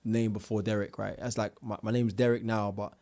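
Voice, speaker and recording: A young man, a guest telling his own life story in a casual interview, animated, with slang and restarts. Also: on the low side, brisk.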